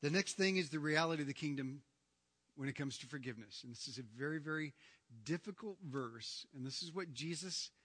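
A man preaching a sermon as pastor, emphatic, swinging from hushed lines to near-shouting. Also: a little high, a little fast. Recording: long reverb of a large hall.

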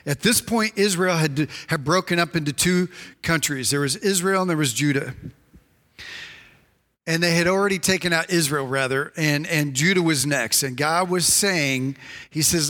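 Male pastor, high and bright, animated sermon, reverberant church hall. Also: normal speed. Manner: animated, acts out quoted voices.

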